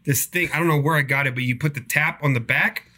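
A man's voice: on the high side, fast talker, pushed and bright. A man in his thirties co-hosting a podcast, telling crude, rambling stories and swearing freely. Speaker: podcast co-host. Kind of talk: casual chat. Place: room with window open.

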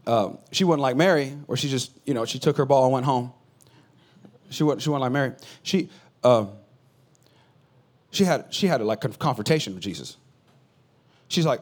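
A man's voice: on the high side, lively intonation, moderate pace. Conversational man preaching a sermon. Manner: conversational, swings between loud bursts and quiet asides. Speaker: pastor.

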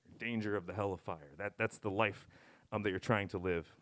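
A man preaching a casual, conversational sermon, rambling and self-interrupting with wry asides and animated swings. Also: fairly low pitch, fairly quick. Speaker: pastor.

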